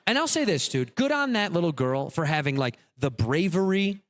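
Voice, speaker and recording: A man's voice: on the high side, sing-song, moderate pace. A man doing stand-up comedy in a casual, exasperated ranting manner.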